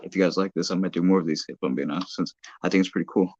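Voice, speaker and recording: A low-pitched man with a steady, darkish, slightly breathy voice talks at a racing pace, recorded dry on dull, lo-fi phone audio. He's a hobbyist filming his toy trains at home, chatting casually on a phone live-stream. His talk rambles, and he often stops to correct himself.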